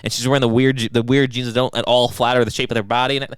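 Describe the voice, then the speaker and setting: A man's voice: medium pitch, very fast, clear, resonant tone, dry recording, clean studio sound. A young man co-hosting a podcast, telling crude stories in casual banter and acting out his own lines. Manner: crude, animated storytelling with acted-out self-quotes. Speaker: podcast co-host.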